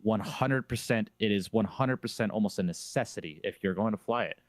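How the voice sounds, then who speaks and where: A man's voice: fairly low pitch, fairly quick, no room sound. A man on a streamer panel discussion, talking emphatically and opinionatedly, repeating phrases to drive his point home. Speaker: flight sim streamer on a panel.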